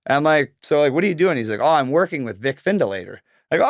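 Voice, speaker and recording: A man's voice: a little high, quick pace, dry recording, clean studio sound. A young man from Canada telling his story in casual, profane chat, acting out the voices of the people in it. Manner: profane, animated, acts out quoted voices.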